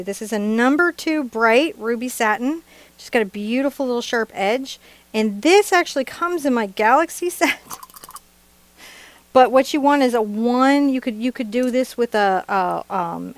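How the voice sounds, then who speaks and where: A middle-aged woman who teaches painting on a live stream, her voice sitting a little high. She talks in a chatty, playful and excitable way, and laughs easily between her instructions. The sound is dry and close, with no room echo. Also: normal speed. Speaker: art instructor.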